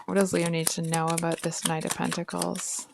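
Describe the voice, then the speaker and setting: A woman's voice: lowish voice, completely flat delivery, moderate pace, vocal fry, background noise. A woman giving a casual, frank tarot reading straight to her viewers, chatty and full of asides. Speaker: tarot reader.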